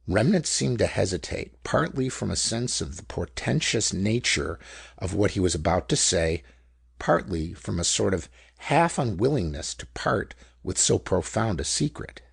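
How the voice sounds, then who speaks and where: A man reading an audiobook in measured, descriptive scripted narration. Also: sits low, sing-song, vocal fry, slightly rough, dry recording, studio quality.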